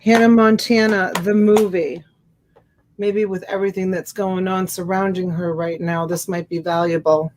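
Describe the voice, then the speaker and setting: A woman's voice: lowish voice, level tone, normal speed, a little hiss or hum. A woman hosting a live reseller stream in casual chat, greeting viewers by name and reading their comments aloud. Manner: chatty and warm, greets viewers by name and laughs often. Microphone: USB desk microphone.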